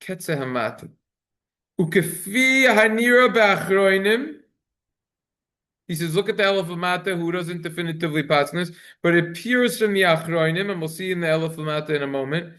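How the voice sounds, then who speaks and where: A man chants and explains religious texts as a rabbi teaching a halacha class in Talmudic study format. Fast and barely pausing, his slightly high, a-bit-bright voice reads Hebrew in a singsong, then translates it in a conversational, self-correcting way.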